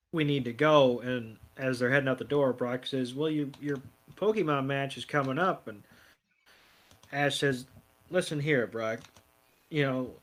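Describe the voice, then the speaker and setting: Man, podcast co-host, mid-pitched voice, relaxed plot recap. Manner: narrates plot with quoted lines and fillers. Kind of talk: casual chat recapping an episode.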